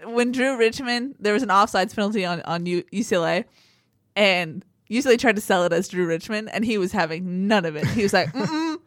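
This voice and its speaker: A woman co-hosting a sports podcast, telling sideline stories in an animated way and acting out what players said. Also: medium pitch, a little fast, dry recording. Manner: animated storytelling, acts out quotes. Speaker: sports reporter and podcast co-host. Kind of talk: casual sports chat.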